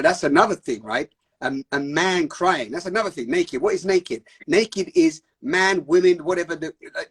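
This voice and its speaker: Husky, high-voiced man preaching with passion. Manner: intense, preachy, swears for emphasis. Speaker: host of a live stream. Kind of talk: passionate spiritual talk.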